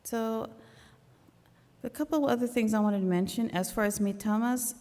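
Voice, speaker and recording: A woman's voice: on the high side, steady tone, moderate pace, mellow. Earnest woman speaking in a reverberant hall. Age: middle-aged. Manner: earnest, conversational, with restarts. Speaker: church member giving a talk. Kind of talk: personal faith talk at a memorial service. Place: church hall.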